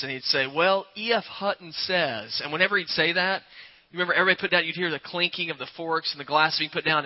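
A man preaching a sermon to a congregation, talking in a conversational way and putting questions to the people in the pews. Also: on the high side. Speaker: pastor. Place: church before a congregation. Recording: dull lo-fi recording.

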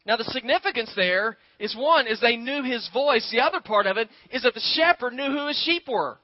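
A pastor preaching a sermon in a conversational way, calling his listeners "guys" and "y'all" and dropping his voice low and soft when he tells a story. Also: lively intonation, brisk, no room sound, lo-fi sound.

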